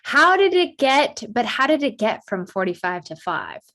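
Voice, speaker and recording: A woman hosts a podcast interview, asking open questions and reacting with eager praise. Her voice sits fairly high for a woman. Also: sing-song, normal speed, sharp tone. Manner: effusive, enthusiastic reactions. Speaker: podcast host.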